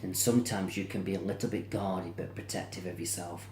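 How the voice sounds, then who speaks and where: Deep-voiced man as card reader, soothing and repetitive, a little weary, echoey room with faint background hum. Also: fairly even intonation, a little fast, darkish tone. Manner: soothing, repetitive, yawning and tired. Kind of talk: tarot-style reading to camera.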